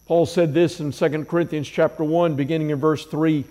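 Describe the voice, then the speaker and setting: A man preaching a sermon as pastor, measured and emphatic, driving points home with repeated phrases. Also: on the high side, steady tone, warm tone. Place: church sanctuary. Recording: long reverb in a large church hall.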